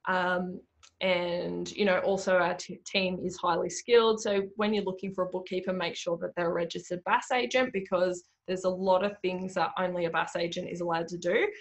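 A woman's voice: fairly low pitch, normal speed. A woman hosting a solo business podcast, chatting casually with lots of fillers. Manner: chatty, animated, many fillers like "you know" and "like". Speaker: podcast host, bookkeeping business owner.

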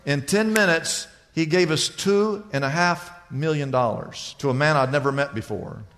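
A man preaching a sermon as pastor, telling a story with lively delivery and acting out the people he quotes. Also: a little high, normal speed, long reverb tail. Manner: animated storytelling, voicing other people in anecdotes.

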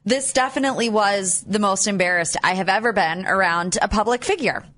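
A young woman co-hosting a morning radio show, easygoing and quick to laugh. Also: medium pitch, fairly bright tone. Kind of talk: casual radio banter.

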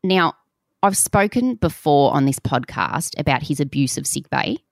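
A woman's voice: deep voice, lively intonation, moderate pace, creaky, dry recording. Wry woman podcast host. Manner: dry, wry storyteller. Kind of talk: casual chat.

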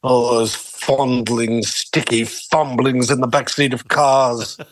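A man with an Australian accent putting on a menacing, cultured male psychiatrist killer, slow, silky and taunting. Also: medium pitch, level tone, no echo, close to an everyday voice.

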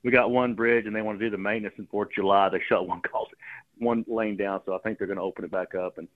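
A fishing guide from the Texas Gulf Coast phones in to a radio show as a guest caller, telling meandering stories and repeating words as he goes. His lowish voice is steady and fast, coming through a narrow phone line.

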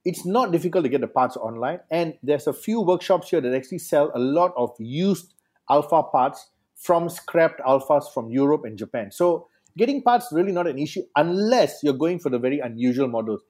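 A man's voice: fairly high pitch, animated, normal speed, darkish tone. A man chatting casually as a podcast guest, a playful storyteller who acts out little voices. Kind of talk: casual chat.

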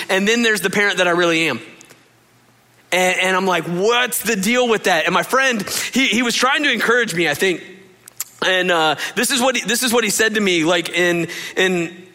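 A man's voice: high voice, pushed and bright. A man preaching a conversational sermon, telling stories earnestly with frequent restarts and speaking straight to the listeners. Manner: earnest storytelling with frequent restarts and direct "you guys" address. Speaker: pastor.

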